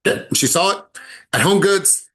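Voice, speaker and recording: A man leading a casual group coaching call over video from a home in the mountains, energetic and emphatic, repeating words and laughing often. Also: high voice, normal speed. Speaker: sales coach.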